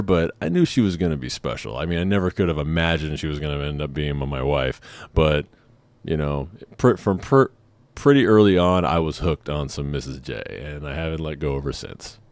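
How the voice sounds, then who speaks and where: A man's voice: rumbling low, no room sound. A man telling personal stories in a laid-back, rambling way, often saying "man" and "I mean". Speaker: vlogger. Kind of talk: casual storytelling.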